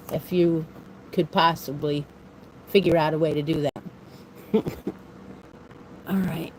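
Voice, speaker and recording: Speaking in a mid-range, slightly mellow voice, a woman hosts a crochet live stream casually, rambling and laughing a lot. Her phone sits propped on her desk in a room at home, and the rough recording picks up slight background noise.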